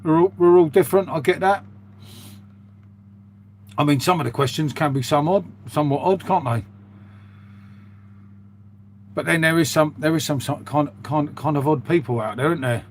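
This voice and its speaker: A man's voice: fairly high pitch, a little fast, slight background noise. A British man chatting casually to his live-stream viewers, rambling and calling them "mate". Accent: British English. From United Kingdom. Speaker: live streamer reading chat.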